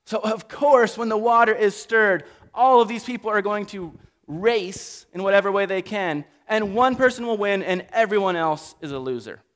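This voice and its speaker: High-voiced guy preaching, jokey and animated, talks like chatting. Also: moderate pace, few pauses. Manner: animated, humorous, conversational. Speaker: pastor. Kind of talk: sermon.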